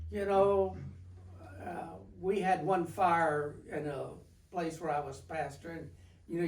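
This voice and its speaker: A man's voice: sits high, a little mellow. A man, a pastor leading an informal Bible study, telling the story in a folksy way with frequent restarts. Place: church sanctuary. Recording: echoey room, mic at a distance.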